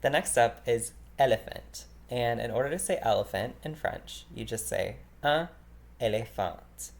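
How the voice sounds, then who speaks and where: A man leads a beginner vocabulary lesson in an easygoing, unpolished way. He pauses on fillers, then says each word slowly, several times over. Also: medium pitch, vocal fry. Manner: relaxed, filler-heavy explaining, repeating each word slowly. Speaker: French teacher.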